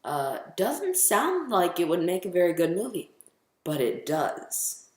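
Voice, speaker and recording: A man's voice: sits high, wildly swooping pitch, measured pace, darkish tone. A teenage boy vlogging casually, rambling and chatty, full of ums as he counts down his favorite movies. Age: teens. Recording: echoey room.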